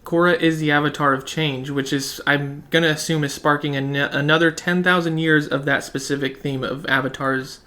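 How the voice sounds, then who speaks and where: A man's voice: on the high side, fairly even intonation, moderate pace, hardly any pauses, bright, forceful tone. A man co-hosting a podcast in casual chat, musing and asking questions aloud. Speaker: podcast co-host.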